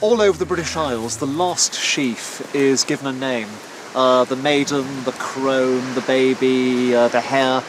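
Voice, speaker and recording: A man's voice: mid-range voice, unhurried, background noise. A man, a historian, explaining in an enthusiastic, chatty way, outdoors in a field. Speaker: historian guest. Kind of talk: explaining on location.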